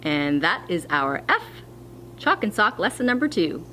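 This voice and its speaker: A woman teaching a phonics lesson to young children, speaking slowly and clearly with encouragement. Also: on the low side, very animated, pushed and bright, slight background noise. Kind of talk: distance-learning phonics lesson.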